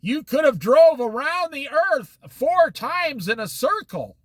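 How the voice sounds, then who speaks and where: Man, very high voice, slow and lively, Bible study teacher, acts out dialogues. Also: no room sound. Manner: animated, acts out little dialogues. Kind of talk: casual Bible study talk. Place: Oregon coast.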